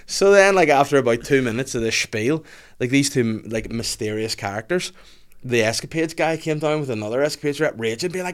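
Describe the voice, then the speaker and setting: A man in his thirties tells a wild anecdote in casual podcast chat. He is animated and laughs often. His pitch sits in the middle range for a man. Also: fairly quick, smooth. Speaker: podcast guest.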